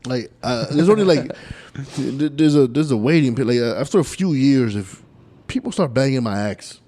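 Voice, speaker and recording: Young male guest, bro talk, lively swooping pitch, swears freely. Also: moderate pace. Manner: animated, swearing, talks in bro slang. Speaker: podcast guest. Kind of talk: casual podcast chat.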